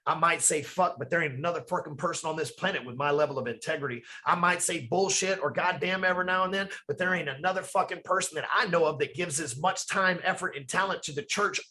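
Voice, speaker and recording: Brash, foul-mouthed man with a bright voice. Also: a little high, fast talker, few pauses. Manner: profane, rambling and emphatic. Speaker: podcast guest. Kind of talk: casual podcast conversation. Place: his office.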